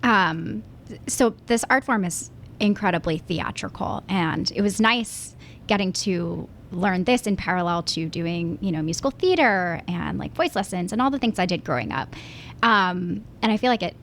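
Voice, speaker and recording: Gravelly-voiced woman guest from Pennsylvania. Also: lowish voice, lively intonation, normal speed, a little hiss or hum. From Pennsylvania, USA. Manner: thoughtful, with many fillers and restarts. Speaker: interview guest, musical theater actress. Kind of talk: casual interview chat.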